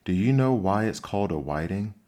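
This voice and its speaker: A man's voice: fairly low pitch, lively intonation, fairly quick, a little mellow, voice pushed up, close to an everyday voice. A man voicing a solemn, matter-of-fact male gryphon in an ASMR bedtime story reading.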